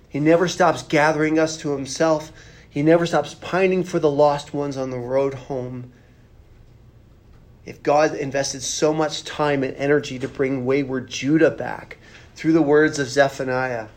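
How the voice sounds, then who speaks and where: A pastor giving a conversational sermon, earnest and plain-spoken, with rhetorical questions and repeated phrases. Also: male voice, fairly high pitch, a little mellow.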